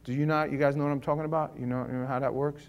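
A middle-aged pastor preaches his sermon like a conversation full of stories, rattling along rapid-fire in a mid-range voice with little pitch movement. He swings from hushed lines to loud ones and acts out other people's voices.

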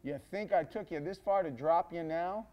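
God as a teasing old pal, played by a preacher, high-pitched. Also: male voice, moderate pace, a little mellow, a little hiss or hum, lightly acted. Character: God, an older male speaking fondly and teasingly.

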